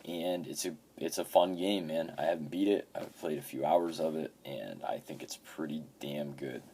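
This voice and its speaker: A man's voice: very deep voice, moderate pace, mellow, a little hiss or hum. A man in his fifties casually talking about his video game pickups, swearing often and telling rambling stories. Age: 50s. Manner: profane, rambling storyteller. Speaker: game collector.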